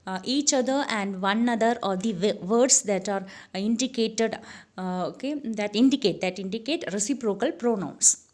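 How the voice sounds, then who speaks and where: A woman teaching English grammar, who fills her explanations with "uh" and restarts and repeats each example slowly. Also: mid-range voice, darkish tone. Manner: many "uh" fillers and self-corrections, repeats the examples slowly.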